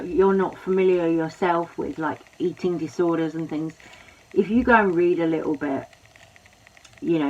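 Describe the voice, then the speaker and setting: A woman hosting a commentary video, speaking sympathetically and rambling with many "you know" fillers. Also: on the low side. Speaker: commentary host. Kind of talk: commentary talk. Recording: dull lo-fi audio.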